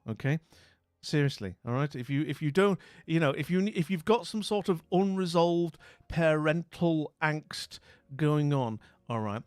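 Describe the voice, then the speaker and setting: A man's voice: mid-range voice, darkish tone, dry recording. A man hosting a live stream in casual chat, jovial and rambling, greeting viewers with theatrical exclamations.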